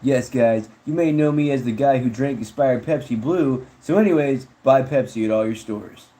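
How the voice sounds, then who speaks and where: A man putting on the voice of an overexcited male soda spokesman for a mock ad, loud and peppy. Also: medium pitch, moderate pace, natural voice. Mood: hyped.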